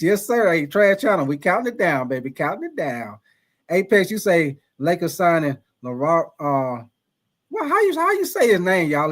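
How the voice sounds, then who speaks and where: A man with a somewhat high voice hosts a laid-back live stream, answering viewers one by one. His talk is loose and conversational, full of restarts and stumbles over names. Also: sing-song, moderate pace. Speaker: live stream host reading chat. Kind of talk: casual live stream chat.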